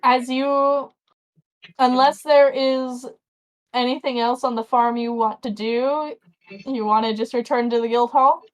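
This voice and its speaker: A woman's voice: high voice, fairly even intonation, unhurried, poor audio. A woman running a tabletop game as game master, narrating casually and a little flustered.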